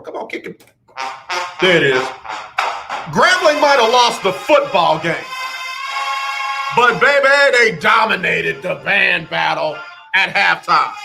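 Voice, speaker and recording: A man's voice: on the high side, vocal fry, bright, forceful tone. A man hosting a radio show, talking emphatically and dropping into mock quotes of other people. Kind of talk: animated radio talk monologue.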